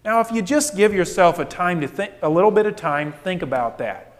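A man's voice: high voice, lively intonation, brisk, long reverb tail. A male pastor preaching a sermon, emphatic and full of rhetorical questions.

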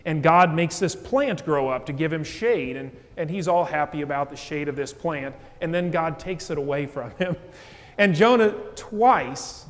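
A man's voice: fairly high pitch, lively intonation, moderate pace. A man preaching a sermon as a pastor. He talks in a conversational way, checks in with "okay?" and chuckles at times. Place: church. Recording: long church reverb.

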